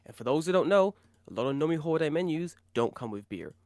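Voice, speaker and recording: A British man co-hosting a podcast, chatting casually and telling animated stories with a lot of swearing. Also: on the high side, fast, no echo. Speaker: podcast co-host.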